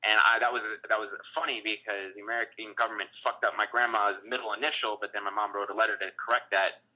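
A man's voice: lowish voice, steady tone, quick pace. A man calling in, ranting in a profane, rambling and heated way. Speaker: caller. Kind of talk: phone-in rant. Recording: tinny phone line.

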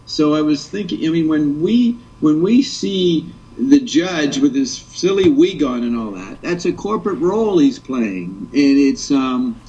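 A man with a fairly high voice explains his point haltingly, stumbling over words and filling pauses. His voice comes from away from the mic and sounds dull and muffled. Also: lively intonation, mellow. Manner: halting and explanatory, with many fillers. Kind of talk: casual conversation. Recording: distant, muffled.

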